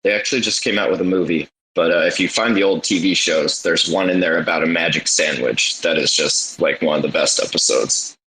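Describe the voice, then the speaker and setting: Deep-voiced joking man. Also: a little fast, hardly any pauses, pushed and bright, low-quality recording. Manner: joking, teasing, swearing. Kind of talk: casual chat.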